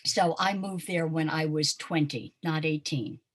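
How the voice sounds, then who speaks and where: An older woman from Pensacola tells stories as an interview guest. Her low voice carries a husky edge, and she talks conversationally with plenty of ums and uhs. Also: a little slow. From Pensacola, Florida. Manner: warm storytelling with frequent ums and uhs. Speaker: interview guest, dance teacher.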